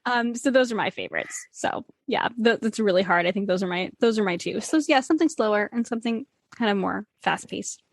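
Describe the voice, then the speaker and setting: A woman, hosting a casual podcast interview, chatty and quick to laugh. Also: mid-range voice, no room sound. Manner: bubbly, laughs often, many fillers. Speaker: podcast host.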